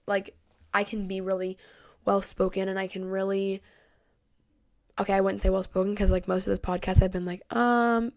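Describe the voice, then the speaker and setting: Chatty teenage girl podcasting. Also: mid-range voice. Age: teens. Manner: rambling, heavy use of "like" and "um". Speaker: podcast host. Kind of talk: casual solo podcast chat.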